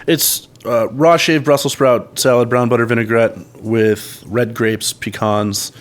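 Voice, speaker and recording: A man's voice: mid-range voice, fairly even intonation, measured pace. Young male guest chef, easygoing, explains his dish. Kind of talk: casual food chat.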